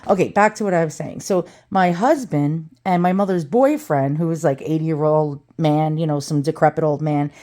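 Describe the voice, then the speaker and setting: A middle-aged woman, ranting in a profane, rambling vlog with quick asides. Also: low-pitched, warm tone. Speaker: vlogger.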